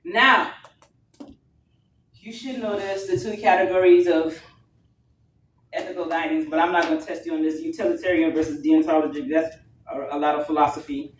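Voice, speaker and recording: A woman's voice: low voice, normal speed, pauses often. Woman, nursing instructor, classroom lecture, playful and teasing, roomy echo, distant mic. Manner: playful, teasing, lively with students. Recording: echoey classroom from far off, faint noise.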